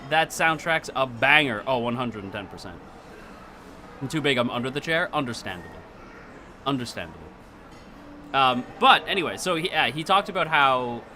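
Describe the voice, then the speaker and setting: An excitable man talks casually on a livestream, his pitch swinging widely. His tone is very bright and forward, and he keeps stopping and restarting his sentences. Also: a little hiss or hum. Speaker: streamer.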